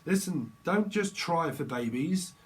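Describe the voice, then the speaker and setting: A man's voice: on the high side, expressive, measured pace. Rambling, jokey man reading tarot. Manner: jokey and rambling, slips into silly voices and snatches of song. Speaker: tarot reader.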